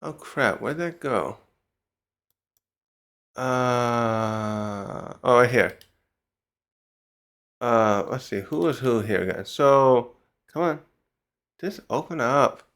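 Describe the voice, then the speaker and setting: A man's voice: mid-range voice, lively intonation, drawn-out words, long pauses, a bit bright. A man giving a casual manga chapter review who rambles, gets sidetracked and swears casually.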